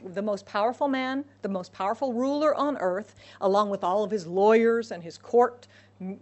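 A woman preaching a sermon to a congregation, animated, acting out voices of God and Moses. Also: a little high.

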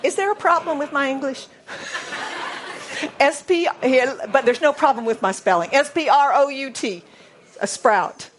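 Woman preacher, American accent, slightly high voice, playful, spells words out and goes hushed for emphasis. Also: lively intonation, moderate pace. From United States. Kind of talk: sermon.

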